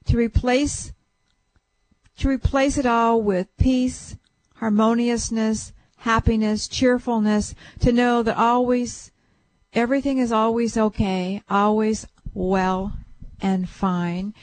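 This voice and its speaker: A woman's voice: fairly high pitch, fairly even intonation, takes it slowly, darkish tone, dry recording. A woman hosting a radio call-in show as a psychic, chatting casually and breaking into whooping chants.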